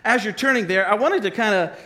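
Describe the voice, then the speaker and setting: A man's voice: high-pitched, fast, pushed and bright. A man in his forties, a pastor giving a joking, conversational sermon to his congregation on a worn mic. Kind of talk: sermon with a live demonstration. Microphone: wearing a mic. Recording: long reverb of a large hall.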